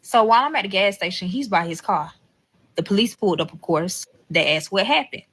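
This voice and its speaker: A woman's voice: medium pitch, animated, a little fast, a bit bright, husky, rough recording. Profane woman telling a storytime. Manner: blunt, heavily profane, addresses viewers directly. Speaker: vlogger. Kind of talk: storytime vlog.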